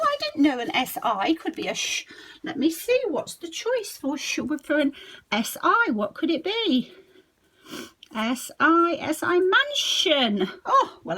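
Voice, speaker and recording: High-voiced woman teacher demonstrating cards. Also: fairly bright tone, slight background noise, poor audio. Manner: chatty, talks to herself while sorting cards. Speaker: early years teacher. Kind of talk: classroom demonstration.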